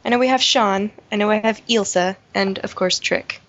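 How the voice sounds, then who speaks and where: A woman chatting as a player in a tabletop game, in a mid-pitched voice. Her talk is playful and easy. The sound is slightly muffled. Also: moderate pace, fairly bright tone. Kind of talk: casual tabletop game chat.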